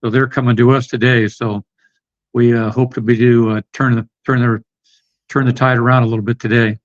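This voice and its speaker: A man's voice: medium pitch, little pitch movement, brisk. Man, middle-aged, American accent, podcast guest, rambling, filler-heavy, muffled lo-fi audio. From United States. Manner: rambling, many fillers and restarts. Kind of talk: casual interview chat.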